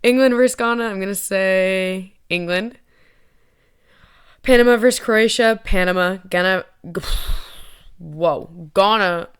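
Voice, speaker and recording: Smooth-voiced young woman, rambling vlog. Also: medium pitch, slow, pauses often. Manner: rambling, giggly, self-mocking. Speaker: vlogger. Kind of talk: casual chat to camera.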